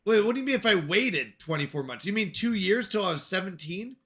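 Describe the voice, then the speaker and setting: An American man chats casually on a gaming livestream, drifting from topic to topic as he replies to viewers. His voice sits high and sounds bright and forceful. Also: lively intonation, fairly quick. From United States. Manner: rambling, answers chat questions aloud. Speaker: streamer.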